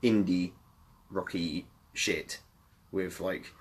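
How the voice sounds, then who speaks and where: A man's voice: deep voice, fairly even intonation, very slow, breathy edge. A man, co-hosting a podcast in casual chat, blunt and sweary with dry humour. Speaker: podcast co-host.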